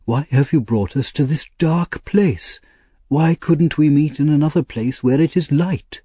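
A male narrator voicing an anxious, kindly old gentleman, earnest and measured, for an audiobook. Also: a little high, husky, no echo, pitched above the performer's own voice. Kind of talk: audiobook character reading.

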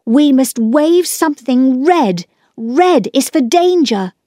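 A woman's voice: high-pitched, lively intonation, slow, dark tone, no room sound, clean studio sound, voice pushed up. A woman voicing a bold, bossy young boy in a storybook, urgent and commanding.

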